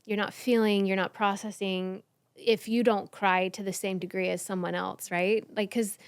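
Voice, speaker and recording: A middle-aged woman who works as a healing coach, talking in a casual panel conversation and turning animated and high-pitched when she gets excited. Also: normal speed, clean tone, no room sound, clean studio sound. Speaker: trauma healing coach, guest.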